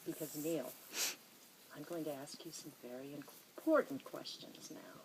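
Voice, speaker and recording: A woman officiating a wedding ceremony, leading vows with gentle, teasing warmth. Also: deep voice, measured pace, creaky, a little hiss or hum, poor audio. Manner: warm, teasing, gently emotional.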